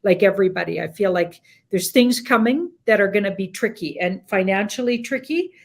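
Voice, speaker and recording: Woman reading tarot cards on a live show, rambly, lots of "like", mid-pitched. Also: brisk, creaky. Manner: rambling, hedging with "like". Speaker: tarot reader. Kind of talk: casual tarot reading chat.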